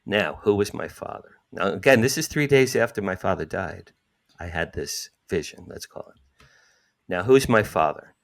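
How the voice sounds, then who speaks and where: A man, telling a personal story as an interview guest, acting out quotes with sudden jumps in pitch. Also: animated, normal speed, gravelly.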